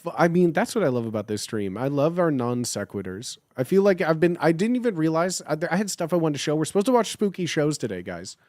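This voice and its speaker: A man from Illinois with a Chicago accent chats loosely on a live stream, drifting between topics and padding his sentences with "like". His voice sits on the higher side for a man. The recording is close and dry. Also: very animated, fast talker, hardly any pauses, darkish tone, no echo. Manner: rambling, lots of filler "like". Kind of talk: casual stream chat.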